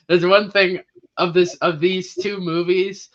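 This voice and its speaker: A man's voice: sits high, expressive, unhurried, fairly bright tone. A man chatting casually about a film as co-host, rambling and laughing often. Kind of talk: casual movie chat. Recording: dull lo-fi sound.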